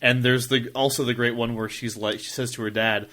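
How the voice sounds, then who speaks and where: A man's voice: mid-range voice, steady tone, fairly quick, few pauses, sharp tone. A man co-hosting a podcast, chatting casually about a book in a rambling way, with many fillers and restarts. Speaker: podcast co-host.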